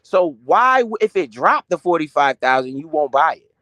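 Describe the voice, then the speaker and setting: A young adult man with a high-pitched voice talks in a casual, slangy live stream, swearing freely. He asks questions and answers them himself in an animated way. The sound is dry and close, with no room echo. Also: normal speed. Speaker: finance streamer.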